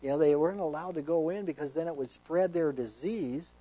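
A man's voice: a little high, fairly quick, dark tone, muffled recording. A man, a pastor, teaching a sermon verse by verse, conversational and earnest, reading scripture aloud with emphasis.

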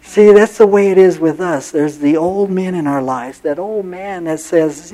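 Sitting high in his range, this male pastor preaches at a measured pace with hardly any pauses, his tone mellow and warm. Earnest runs of repeated, stacked phrases carry his points, and he drifts into homespun stories.

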